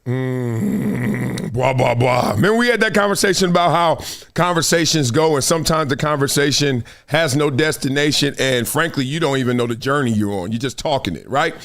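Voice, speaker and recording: A man hosting a sports podcast, talking in an emphatic, animated way and laughing often. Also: a little high, quick pace. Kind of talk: animated sports commentary chat.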